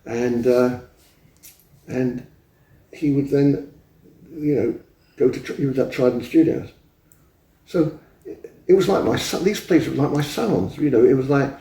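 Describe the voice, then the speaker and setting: A man's voice: medium pitch, a little slow, long pauses, warm tone. Older man in a roomy, distant recording. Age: 70s. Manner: rambling, acts out quoted dialogue. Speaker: interview guest. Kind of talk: anecdotal storytelling. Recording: roomy echo, distant mic.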